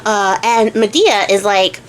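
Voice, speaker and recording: A young woman storyteller retells a myth in a slangy, chatty way, swearing and acting out the characters' voices. Her mid-range voice is slow, and the recording carries a slight hiss or hum.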